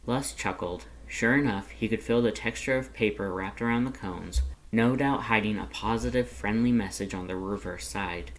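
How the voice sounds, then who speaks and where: A man gently reading a fan story aloud in an unhurried way. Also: fairly low pitch, a little hiss or hum, low-quality recording. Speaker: fanfiction reader. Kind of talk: read-aloud narration.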